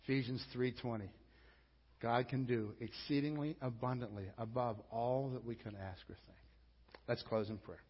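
A male pastor giving a sermon, emphatic, rising to loud appeals to the congregation. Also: mid-range voice, steady tone, normal speed, breathy edge. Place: church sanctuary. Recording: dull audio with long church reverb.

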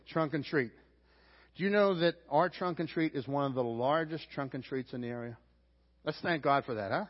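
A man preaching a sermon as pastor in a church, driving his points home with repetition and rising emphasis. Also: high voice. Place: church sanctuary. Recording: dull sound with long hall reverb.

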